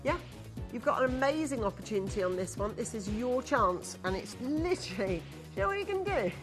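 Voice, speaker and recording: A woman's voice: a little high, sing-song, fairly quick, music in the background. A woman presenting a live TV shopping show, chatty, upbeat and coaxing as she sells to callers. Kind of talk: live TV sales pitch. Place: TV studio.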